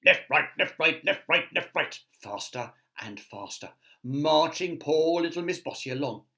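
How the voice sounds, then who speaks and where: A man's voice: fairly high pitch, expressive, measured pace, bright, forceful tone. A man, a teacher, reading a picture book aloud to children with chatty asides to his listeners.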